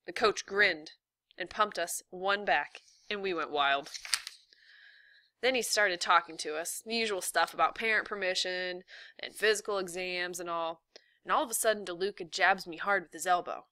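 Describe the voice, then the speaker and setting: A woman reading a novel aloud in a steady, even narration. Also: on the low side, normal speed, no echo, studio quality. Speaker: reader.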